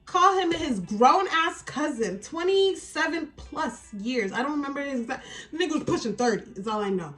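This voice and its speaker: A woman vlogger with a fairly high voice tells a get-ready-with-me storytime. She talks in an animated, exasperated way and swears often. Faint music plays behind her. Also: normal speed. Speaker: beauty vlogger.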